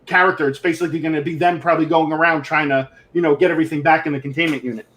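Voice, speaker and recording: A man's voice: a little high, fairly even intonation, racing, fairly bright tone. A man co-hosting a live collectibles show in casual chat, opinionated and ranting, often repeating words as he starts a thought.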